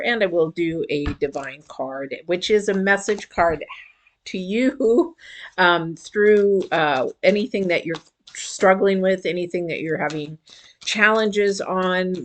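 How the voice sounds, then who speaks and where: A woman's voice: low-pitched, a little hiss or hum. Chatty woman reading tarot, hiccups. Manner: chatty, rambling, lots of fillers. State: has the hiccups. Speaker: tarot reader. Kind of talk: casual tarot reading to camera.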